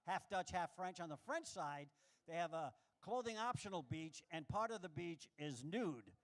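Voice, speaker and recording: A man doing a stand-up comedy set on a club stage, animated and acting out the voices he quotes. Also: moderate pace. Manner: animated, acts out quoted voices with big pitch jumps.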